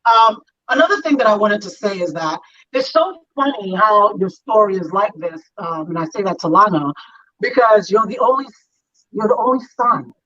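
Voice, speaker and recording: Animated woman telling a story. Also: medium pitch, moderate pace, highs cut off. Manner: animated storyteller, acts out quoted lines. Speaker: host. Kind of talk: casual chat telling a personal story.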